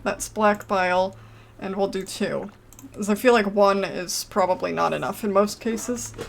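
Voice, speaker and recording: A woman's voice: medium pitch, fairly even intonation, unhurried, vocal fry, slight background noise. A woman giving casual gameplay commentary, chatty and self-mocking, reading game text aloud and reacting with exasperated outbursts. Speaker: let's play gamer.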